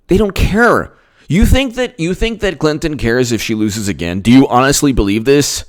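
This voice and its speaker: Male political commentator, lively swooping delivery, emphatic and repetitive, rhetorical questions. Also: mid-range voice. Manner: animated, laughs between points. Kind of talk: opinionated political monologue.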